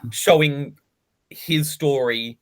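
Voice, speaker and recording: Measured man sharing views on a podcast. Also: on the high side. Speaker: podcast co-host. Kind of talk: casual chat.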